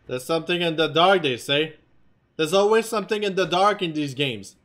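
Loud, swearing young gamer with a bright, high voice. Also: male voice, animated, moderate pace. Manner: loud, frustrated, swears and yells at the game. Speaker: let's play gamer. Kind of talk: loud horror game commentary.

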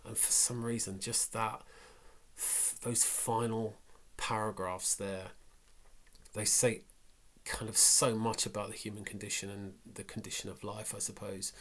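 Lowish voiced guy musing about a short story, halting, lots of ums. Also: little pitch movement, a bit bright. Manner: reflective, halting with many fillers. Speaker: book vlogger. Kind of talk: casual book talk and reading.

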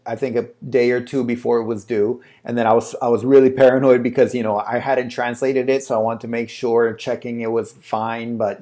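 Guy rambling through a work story to camera, lots of "you know"s, mid-pitched voice. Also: darkish tone. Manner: chatty storytelling with many fillers. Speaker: translator and agency owner. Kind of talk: casual talk to camera.

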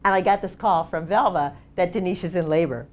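A woman's voice: on the low side, brisk, muffled recording. A middle-aged woman, a documentary photographer, telling stories in a casual seminar talk, full of "like" and "you know" and acted-out quotes. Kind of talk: casual storytelling presentation. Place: seminar event space.

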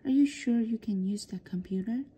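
A woman voicing a nervous new male worker at a rainbow machine, speaking softly and half in a whisper. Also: on the high side, normal speed, breathy edge. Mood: anxious.

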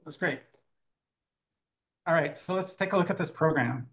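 A man's voice: fairly high pitch, quick pace, a bit bright, low-quality recording. A man giving a casual, joking live talk at a meetup, with plenty of fillers and restarts. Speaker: conference speaker. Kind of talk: live tech talk with demo. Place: meetup room with audience.

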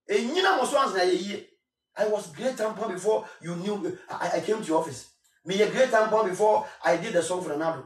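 Ghanaian guy preaching hard, high voice, repeats himself a lot, sounds far off in an echoey room. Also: fairly quick. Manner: emphatic, repetitive, preacherly, switching between Twi and English. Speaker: singer. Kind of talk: impassioned spoken appeal.

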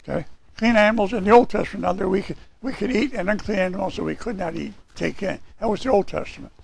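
High-pitched, gravelly-voiced male preacher. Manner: emphatic, repeats key phrases. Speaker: pastor. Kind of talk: sermon.

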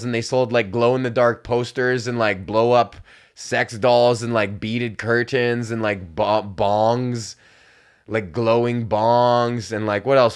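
A young man from Canada hosting a comedy podcast, telling a rambling, profane story, laughing often and acting out the other people in it. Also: mid-range voice. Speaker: podcast host. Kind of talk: casual comedic rant.

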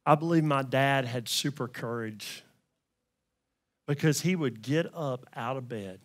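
A man preaching a sermon as pastor, telling stories and rising to loud pleading cries. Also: medium pitch, unhurried. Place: church.

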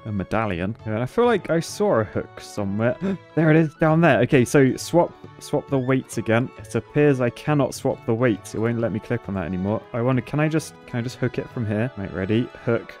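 A man's voice: medium pitch, fairly quick, soft background music. Chatty man playing a puzzle game. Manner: chatty, excitable, thinks aloud while solving. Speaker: gaming YouTuber. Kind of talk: casual let's-play commentary.

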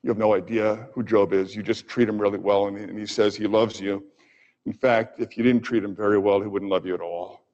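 A man's voice: fairly low pitch, fairly even intonation, fairly quick, a little mellow, pitched below the performer's own voice, natural voice. Sly scornful devil, a man voicing him. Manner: mocking, challenging. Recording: dull audio with long hall reverb.

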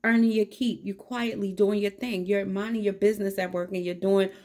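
A woman's voice: mid-range voice, fairly even intonation, brisk, darkish tone. A woman giving a casual tarot reading, upbeat and encouraging, chatting straight to her viewers, with a cat meowing in the background. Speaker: tarot reader.

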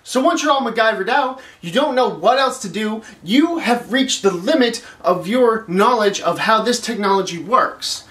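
A man's voice: sits high, lively intonation, normal speed, hardly any pauses, fairly bright tone. A man hosting a comedic rant vlog, exasperated and swearing as he complains. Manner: exasperated, profane ranting. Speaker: vlog host. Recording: roomy echo.

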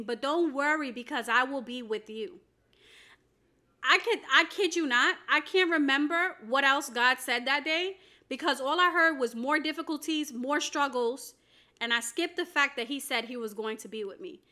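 Fervent high-voiced woman preaching. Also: sharp tone. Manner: fervent, preacherly, emphatic repetition. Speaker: faith coach. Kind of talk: personal testimony sermon to camera.

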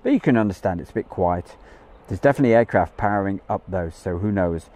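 A man's voice: low-pitched, expressive, fast, dark tone. A man hosting a live stream outdoors from a campsite field, chatting in a jokey way and greeting viewers by name. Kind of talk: casual live-stream chat.

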